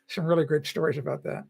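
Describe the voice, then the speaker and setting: Older male host, rambling and chuckling, a bit high, gravelly edge. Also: a little mellow. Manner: rambling storytelling with frequent laughs. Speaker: live stream host. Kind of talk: casual live stream chat.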